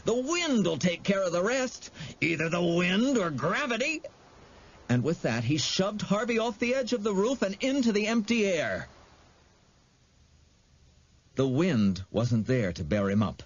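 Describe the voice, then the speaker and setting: Slow, expressive male audiobook narrator. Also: fairly high pitch, husky, dull audio. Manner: dramatic, expressive storytelling.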